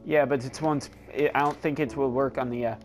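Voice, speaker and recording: Excitable young man gaming over music. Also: mid-range voice, a little fast. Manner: excitable, swears and laughs often. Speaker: gamer. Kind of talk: casual game commentary. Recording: game music underneath.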